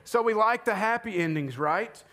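A man's voice: sits high, lively intonation, moderate pace, a bit bright. A male pastor preaching a conversational sermon, joking with the congregation and asking them questions.

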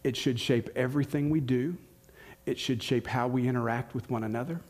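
A man's voice: medium pitch, fairly even intonation, a little fast, a little mellow. A man in his forties with a Southern American accent, a pastor preaching earnestly and asking the congregation questions. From United States. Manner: earnest, questioning, repeats key lines for emphasis. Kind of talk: sermon.

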